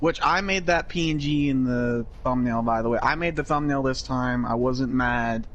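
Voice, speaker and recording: A man's voice: mid-range voice, moderate pace, fairly bright tone, lo-fi sound, a little hiss or hum. A man co-hosting a casual wrestling review, making jokes and laughing often. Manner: joking, laughs between lines. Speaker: podcast co-host.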